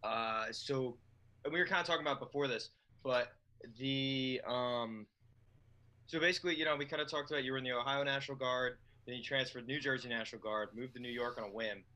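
A man's voice: mid-range voice, brisk, bright, forceful tone, poor audio. Casual, meandering male interviewer. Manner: loose, filler-heavy, meandering questions. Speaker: interview host.

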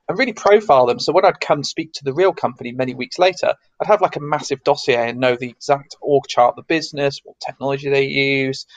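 A man's voice: mid-range voice, vocal fry, no room sound, muffled recording. A man from the south of England with a neutral English accent, chatting as an interview guest and rambling with many restarts. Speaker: guest, security consultant. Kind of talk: casual interview chat.

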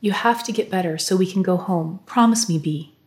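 A woman reading aloud, voicing a tired middle-aged American father whose voice grows weak and rasping. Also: lowish voice, fairly quick, darkish tone, lightly acted. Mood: tender weak.

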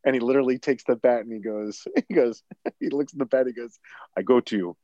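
A man's voice: mid-range voice, fast talker, warm tone, dry recording, dull audio. A man in a casual podcast chat, animatedly retelling a movie, acting out quotes and laughing often.

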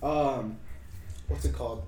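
A man's voice: medium pitch, fairly even intonation, slow pace, mellow. A young man hosting a casual podcast chat, rambling with fillers, saying "bro" a lot and swearing. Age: young adult. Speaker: podcast host. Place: home room with dogs nearby. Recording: echoey room with faint noise.

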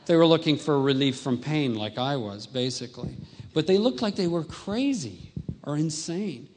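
A man's voice: fairly high pitch, animated, moderate pace, darkish tone, in a large hall, slight background noise. A man giving a personal testimony, telling his story and acting out his past self in a raised voice.

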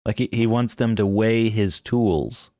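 A man's voice: lowish voice, unhurried, warm tone, no echo, studio quality. A man co-hosting a podcast about a film, chatting in a playful, joking way. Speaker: podcast co-host. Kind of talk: casual film-discussion chat.

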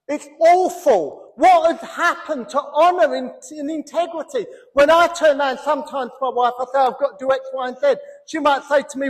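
A pastor preaching a sermon in an animated way, breaking into comic voices and building to loud emphasis. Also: male voice, very high voice, normal speed, hardly any pauses. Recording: long hall reverb.

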